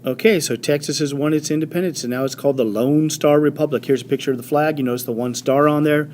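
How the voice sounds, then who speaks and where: Animated man teaching a history lesson. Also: fairly high pitch, quick pace, slight background noise. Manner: animated storytelling with voiced quotes and fillers. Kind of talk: classroom history lecture.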